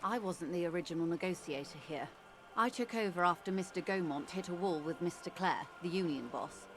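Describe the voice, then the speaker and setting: A woman voicing a poised negotiator in a video game. She speaks with polished, formal diction in a composed, measured way. Her voice sits fairly low, with faint noise behind it. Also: a bit bright, lightly acted. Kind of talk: game voice acting.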